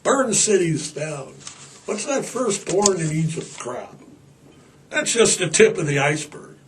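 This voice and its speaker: A man's voice: on the high side, animated, unhurried, slight background noise. A man hosting a podcast in a rambling, irreverent comic monologue, profane and stammering over fillers. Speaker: podcast host.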